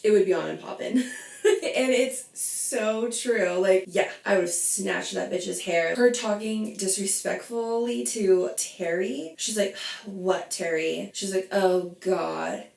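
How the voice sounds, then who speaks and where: A woman ranting in casual commentary as a reality TV reaction vlogger, animated and swearing, a little tipsy from wine. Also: medium pitch, unhurried, creaky. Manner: animated, swearing, quoting others in bits. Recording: echoey room.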